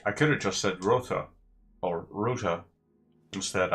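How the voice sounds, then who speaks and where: A man's voice: low-pitched, moderate pace, fairly bright tone, faint music behind. A man giving casual, sarcastic gameplay commentary with rambling asides.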